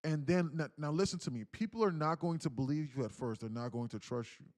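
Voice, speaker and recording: A man hosting a live trading stream, talking casually in a lively, slangy and profane way with many restarts. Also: on the high side, fast talker.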